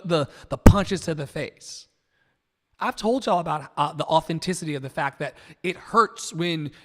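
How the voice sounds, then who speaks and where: A man from Virginia hosting a livestream, delivering an impassioned, preachy monologue with sudden loud outbursts and soft asides. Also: on the high side, big-room sound. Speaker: livestream host.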